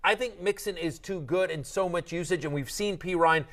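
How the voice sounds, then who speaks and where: A middle-aged man with a fairly high voice hosts a fantasy football show. He chats casually and jokes around, restarting his sentences and wandering off into asides. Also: moderate pace, a bit bright. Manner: chatty, joking, lots of restarts and asides. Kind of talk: casual sports chat.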